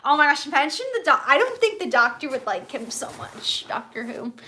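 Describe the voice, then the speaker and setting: A young woman hosting a casual live stream from home, chatty and excitable, full of fillers and restarts. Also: sits high, brisk, slight background noise. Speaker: YouTube host of a live stream.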